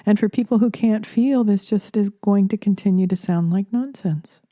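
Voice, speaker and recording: A woman talking slowly into a close microphone in a soft, reflective spiritual monologue, pausing with fillers and slipping into near-whispers. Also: medium pitch, no echo. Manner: soft-spoken, drifting into whispers, hesitant fillers. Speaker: spiritual channeler and podcaster.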